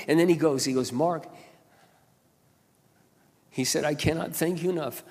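A man's voice: a little high, moderate pace. Passionate male pastor in a reverberant hall. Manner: passionate, swings from quiet asides to loud exclamations. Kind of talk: sermon.

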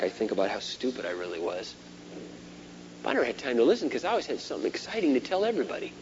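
A middle-aged man preaching a sermon, animated, swinging between loud emphasis and quiet asides. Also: medium pitch. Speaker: pastor. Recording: dull lo-fi sermon tape with faint hum.

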